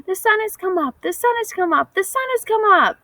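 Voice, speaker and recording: A woman voicing a cheerful tiny male squirrel who chirps in a high sing-song. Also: animated, fairly quick, pushed and bright, dry recording, heavily acted. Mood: joyful.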